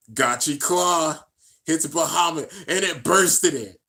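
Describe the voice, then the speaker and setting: A man's voice: fairly high pitch, takes it slowly, gravelly. Hyped young man calling anime battles. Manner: hyped, shouts at big moments, slangy. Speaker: anime reaction commentator. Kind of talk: excited casual play-by-play commentary.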